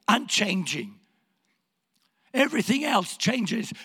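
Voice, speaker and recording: A man preaching in a hoarse, gravelly voice, his pitch high and leaping about as he moves between quiet words and shouts. The long reverb of a church hall hangs behind every line. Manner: impassioned, swings from hushed to shouting. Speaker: pastor. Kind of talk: sermon.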